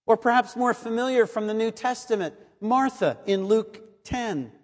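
A man preaching a sermon in a measured, earnest way, reading and explaining scripture. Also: high voice. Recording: long hall reverb.

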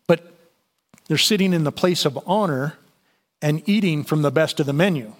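A man's voice: a little high, moderate pace. A man preaching a conversational sermon, reading and explaining scripture with frequent fillers and restarts. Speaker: pastor.

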